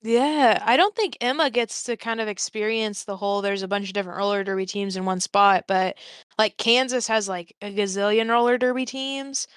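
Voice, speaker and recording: Bright, clear-voiced woman co-host. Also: medium pitch, fairly even intonation, moderate pace, no room sound. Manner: playful, laughs and jokes. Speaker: podcast co-host. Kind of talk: casual podcast chat.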